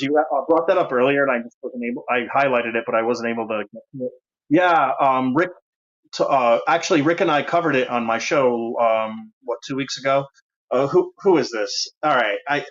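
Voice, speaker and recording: A man's voice: mid-range voice, a bit bright. A man with a Rhode Island accent hosting a call-in livestream, chatty and easily distracted, full of fillers and restarts, talking over a speakerphone. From Rhode Island, USA. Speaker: host. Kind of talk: casual call-in livestream chat. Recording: dull lo-fi speakerphone audio.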